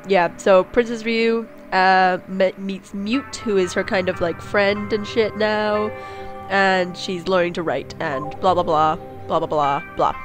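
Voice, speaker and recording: A woman's voice: medium pitch, fairly even intonation, a little slow, over music. Crude self-mocking woman gamer. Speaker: let's play gamer. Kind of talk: casual game commentary and reading aloud.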